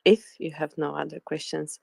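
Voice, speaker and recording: A woman's voice: low-pitched, little pitch movement, normal speed, vocal fry, no room sound. A woman moderating a casual audio room, hesitant with many uhs and ums.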